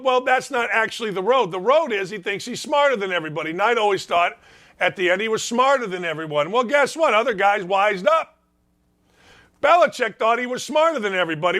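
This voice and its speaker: Fired-up ranting sports talk host. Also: male voice, sits high, bright, forceful tone. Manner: sarcastic. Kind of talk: opinionated sports commentary. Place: home basement studio.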